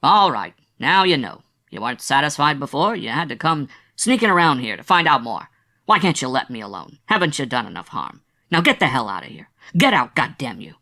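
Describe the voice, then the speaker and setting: A man voicing a hurt, bitter young male stage actor who is quiet and withdrawn in an audiobook reading. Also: on the high side, sing-song, fairly quick, pitched above the performer's own voice, full character voice. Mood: furious. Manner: quiet and withdrawn, then lashing out.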